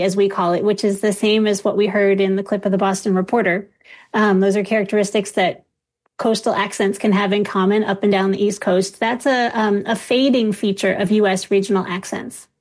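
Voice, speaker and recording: A woman speaking as an expert guest on a talk program, explaining carefully and methodically with many small pauses and fillers. Her voice sits at a middle pitch, neither high nor low. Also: steady tone. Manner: measured, academic, with frequent um fillers. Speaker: linguist guest. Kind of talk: explanatory radio interview.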